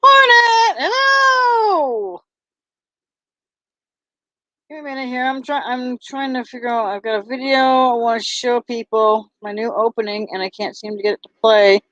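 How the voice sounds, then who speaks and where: A woman vlogger chatting casually to camera, halting often with ums and restarts. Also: fairly high pitch, steady tone, dry recording. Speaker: vlogger and bracelet seller. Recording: dull lo-fi, dry sound.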